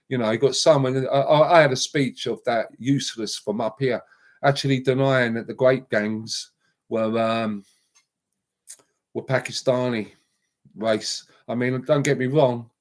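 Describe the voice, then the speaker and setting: Heated man ranting on a live stream. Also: mid-range voice. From England. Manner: heated, repetitive, emphatic outbursts.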